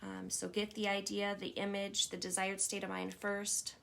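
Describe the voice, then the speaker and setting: Female self-help coach, reflective and gentle, gravelly edge, faint hiss. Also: mid-range voice, completely flat delivery, moderate pace. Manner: gentle, reflective, frequent "right?" check-ins. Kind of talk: guided self-help talk.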